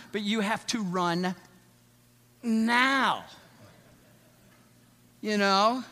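A man preaching a sermon as pastor, swinging from loud, rapid urging to soft, slow passages. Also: high-pitched. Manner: building to loud, fast repeated urgings, then dropping soft and slow. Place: church sanctuary. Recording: long church reverb with soft music.

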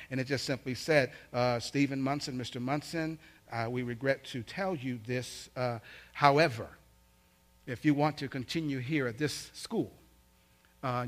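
A middle-aged man preaching, telling a family story and acting out the voices with big swings in loudness. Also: medium pitch. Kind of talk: sermon storytelling.

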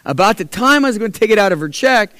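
A middle-aged man telling a personal testimony to a church, animated, acting out the voices in his story and swinging from loud to hushed. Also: sits high, fast, smooth, no echo. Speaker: church speaker sharing a testimony.

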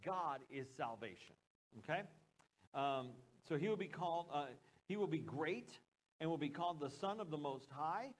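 Man, American accent, pastor, sermon, conversational, fairly high voice. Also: expressive, normal speed, low-quality recording. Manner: conversational, with joking asides and questions to the congregation.

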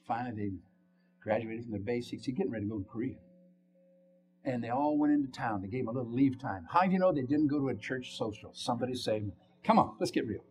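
A man preaching a sermon, telling a story with lively swings from loud exclamations to hushed whispers and calling out questions to the congregation. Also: mid-range voice, fast talker, soft background music.

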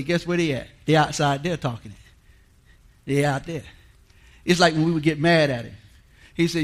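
A man preaching a sermon in a folksy, emphatic way, repeating lines and rising to shouts. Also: on the high side, normal speed, long pauses. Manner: folksy, colloquial. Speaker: guest preacher.

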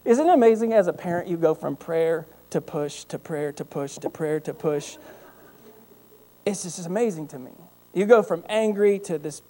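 A man preaching a sermon, telling a family story with lively acted-out voices. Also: a little high, moderate pace. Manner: animated storytelling, acting out voices. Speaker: pastor.

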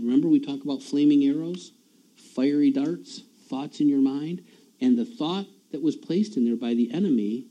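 A man's voice: medium pitch, dark tone, poor audio. A man preaching a sermon in a church, talking in a conversational way, often repeating words and chuckling at himself.

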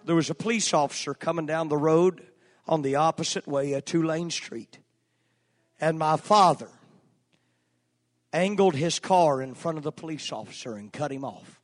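Fairly high-voiced preacher man telling a folksy story, big echoey church hall, faint music. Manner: folksy, earnest, with filler pauses. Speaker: pastor. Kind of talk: sermon storytelling. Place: church sanctuary.

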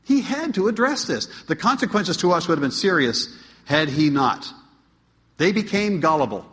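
Guy preaching a sermon, kinda high voice, lots of hall echo, asks the crowd stuff. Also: sing-song, fairly quick. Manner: rising to emphatic, pleading peaks then dropping quiet; asks the congregation rhetorical questions. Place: church. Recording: long hall reverb.

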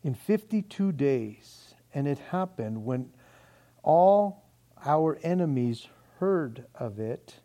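A male pastor preaching a sermon in a lively, animated way, acting out quoted speech and often saying "man". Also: mid-range voice, slow.

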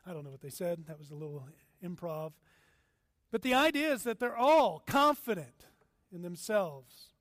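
A man preaching a sermon as pastor, acting out the disciples' words and moving between loud and quiet delivery. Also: high-pitched, moderate pace, dry recording. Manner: animated, acts out quotes with shifting loudness.

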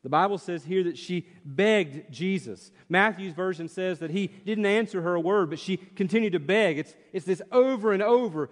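Impassioned preacher in a reverberant church. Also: male voice, sits high, animated, moderate pace, few pauses. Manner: impassioned, rhetorical questions, emphatic repetition. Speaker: pastor. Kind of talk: expository sermon. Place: church sanctuary. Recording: church hall with long reverb.

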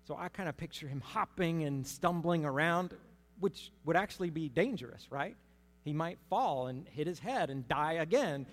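A man giving conversational Bible teaching, telling the story in a lively way with humorous asides. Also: fairly high pitch, moderate pace. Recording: long hall reverb.

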